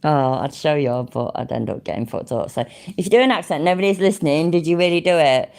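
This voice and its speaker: Sweary woman, lively pitch. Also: quick pace. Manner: sweary, laughing, mock-offended banter with chat. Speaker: live-stream host reacting to a video. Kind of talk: casual live-stream commentary.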